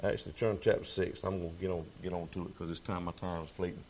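A man preaching a sermon, folksy and plain-spoken, building to fervent, shouted passages. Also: low voice, little pitch movement, fast talker.

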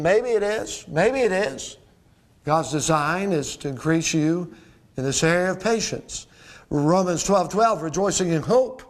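A pastor preaching a sermon, reading scripture aloud in old formal wording and repeating key words for emphasis. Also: male voice, a little high. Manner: emphatic, repeats key words, asks the congregation rhetorical questions.

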